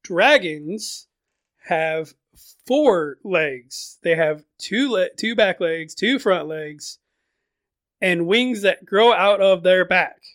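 A man's voice: sits high, expressive, takes it slowly, fairly bright tone, no room sound. A man casually recapping a fantasy book on his podcast, chatty, often repeating words and adding fillers.

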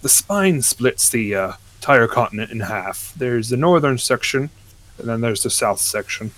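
A man voicing a gruff, blunt male dwarf merchant in a tabletop game. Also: mid-range voice, animated, normal speed, fairly bright tone, close to an everyday voice. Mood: explaining.

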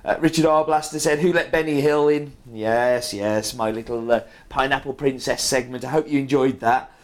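A middle-aged coffee roaster with a strong British accent chats casually while reading out viewer comments, dropping in plenty of ums and uhs. His voice sits at a medium pitch and moves at a normal speed.

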